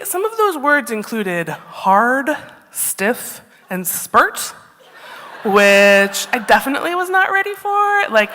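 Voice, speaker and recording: A woman's voice: mid-range voice, sharp tone. A woman telling a wry, funny story on a live stage, often laughing as she talks. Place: stage in a large hall. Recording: reverberant live hall.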